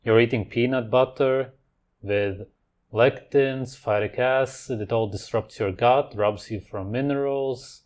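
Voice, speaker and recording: A man's voice: mid-range voice, a little slow, a little mellow. A man hosting a reaction video, talking over clips with scornful, sarcastic commentary.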